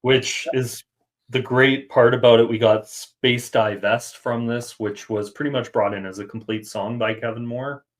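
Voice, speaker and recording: A man's voice: mid-range voice, steady tone, measured pace. A man hosting a music podcast, chatting casually and thinking aloud with fillers. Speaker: podcast host. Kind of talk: casual chat.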